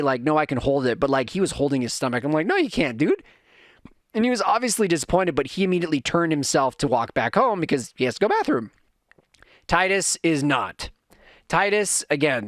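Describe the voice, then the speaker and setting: A podcast host in his thirties, with a fairly high, slightly bright voice, tells a rambling, self-correcting story in a casual rant. He acts out his kids' voices, and the studio-quality audio has no room sound.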